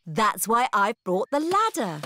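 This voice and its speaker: Calm mummy pig, a bit fed up, high and slow, cartoon, hissy track. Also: female voice. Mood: patient. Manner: calm, mildly exasperated. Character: patient mother pig.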